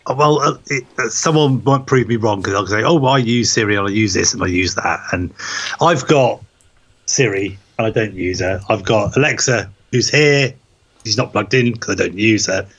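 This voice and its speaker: A man's voice: on the low side, moderate pace, a bit bright, husky. A man with a Norfolk accent co-hosting a tech podcast, talking through his opinions in a loose, rambling casual chat. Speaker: podcast co-host.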